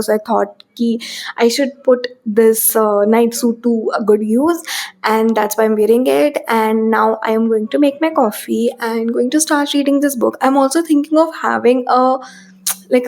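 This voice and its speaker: A woman's voice: a little high, a little mellow. A young woman with an Indian English accent chatting casually in a home vlog about books she has read, rambling and dropping in Hindi words. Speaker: book vlogger. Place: home bedroom.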